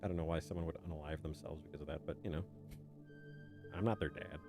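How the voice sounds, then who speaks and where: A man's voice: rumbling low, fairly even intonation, quick pace, gravelly. A young man streaming a game and chatting casually with his viewers, laughing often and slipping into silly asides. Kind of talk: casual chat with chat while gaming. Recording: faint game music behind. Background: game music.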